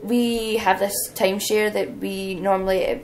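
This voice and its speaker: A young woman, a wrestler, telling lively stories as an interview guest and laughing often. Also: medium pitch, normal speed, slight background noise, rough recording. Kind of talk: casual anecdotal storytelling.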